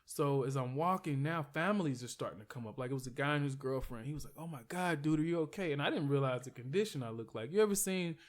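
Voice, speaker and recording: A man telling a long story as a podcast guest, in a mid-pitched voice. He rambles loosely, filling the gaps with "like" and "you know". His retelling is animated and casual, with the odd curse thrown in. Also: quick pace, hardly any pauses.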